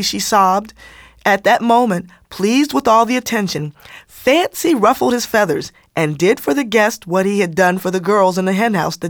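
A woman reading a children's story aloud in an expressive, animated way. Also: fairly low pitch, dry recording, clean studio sound.

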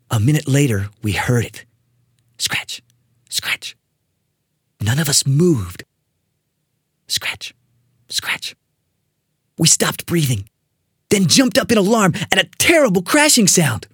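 Brief: lively, husky storyteller reading a spooky kids' story, dry close mic. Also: mid-range voice, dry recording. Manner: expressive, building suspense. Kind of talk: dramatic read-aloud of a spooky children's story.

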